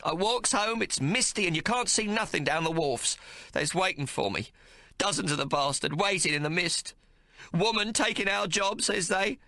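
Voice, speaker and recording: A fierce old mother with a coarse, scolding way of speaking, as a male narrator puts her on. The voice sits high and swings widely in pitch, with a bright, sharp edge. It sounds like a storybook reading in a dry booth. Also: expressive, moderate pace, dry recording, exaggerated voice. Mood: furious. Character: fierce old working-class mother, tough and bitter. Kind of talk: audiobook character voice.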